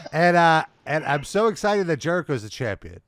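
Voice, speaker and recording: A man co-hosting a wrestling review podcast in casual chat, excitable and acting out the crowd's reactions. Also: a little high, heavy background noise. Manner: excitable, acts out quoted reactions. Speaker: podcast co-host.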